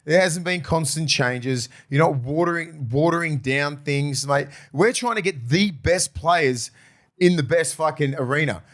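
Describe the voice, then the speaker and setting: A man's voice: fairly high pitch, unhurried, fairly bright tone. A middle-aged Australian man co-hosting a casual sports podcast, blunt and emphatic, swearing often. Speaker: podcast co-host.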